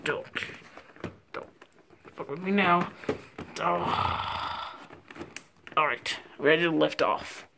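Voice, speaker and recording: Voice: mid-range voice, drawn-out words, gravelly, long pauses, background noise, pitched below the performer's own voice. A performer voicing a grumpy, frustrated adult male villain scientist in a home-made toy show, sighing, groaning and complaining. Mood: weary. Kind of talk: amateur toy-show voice acting.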